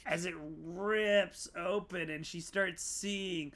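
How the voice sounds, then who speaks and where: A man narrating a tabletop game as game master, in animated, drawn-out storytelling. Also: sits high.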